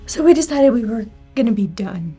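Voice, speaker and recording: A woman's voice: a little high, expressive, a little fast, warm tone, husky, soft background music. A woman in her forties sharing a personal testimony, candid and emotional, often dropping to a near-whisper. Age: 40s.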